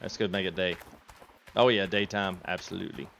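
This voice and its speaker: A man's voice: low-pitched, steady tone, fairly quick, gravelly, background noise. A man, chatting casually on a live game stream, reading chat and laughing often. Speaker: gaming streamer.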